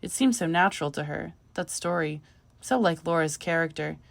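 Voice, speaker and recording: A woman narrating a short story audiobook in a measured, even manner. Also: low voice, creaky, no echo.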